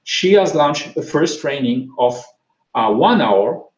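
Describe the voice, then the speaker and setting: A man with a French accent giving a technical conference talk, halting with frequent repeats and fillers. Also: medium pitch, expressive. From France. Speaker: conference speaker. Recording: roomy, slightly dull recording.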